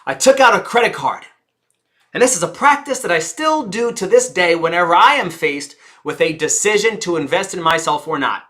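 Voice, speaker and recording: A woman speaking coach teaching a live audience, theatrical and engaging, who deliberately slows down, drops her volume and pauses for effect, and puts questions to the listeners. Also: lowish voice, lively intonation, a bit bright. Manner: theatrical, shifts pace and volume on purpose, dramatic pauses.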